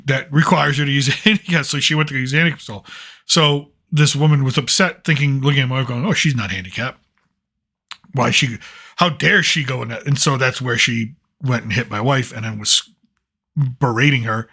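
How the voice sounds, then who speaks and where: A middle-aged man tells a story to his viewers at a mid pitch. He talks in a loose, heated way and keeps stopping and starting over as he pushes through the tale. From United States. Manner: animated, agitated retelling with frequent restarts. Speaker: channel host. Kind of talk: casual storytelling monologue.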